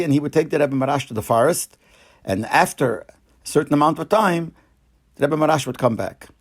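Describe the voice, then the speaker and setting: An older man, a rabbi, retelling a Hasidic story in an unhurried way, often searching for words and restarting phrases. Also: medium pitch, darkish tone. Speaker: rabbi sharing memories.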